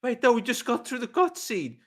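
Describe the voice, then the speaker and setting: A man's voice: very high voice, big pitch swings, a little fast, fairly bright tone, voice pushed up, full character voice. A man voicing an indignant young male cousin who scolds and demands to hear a story first. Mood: exasperated.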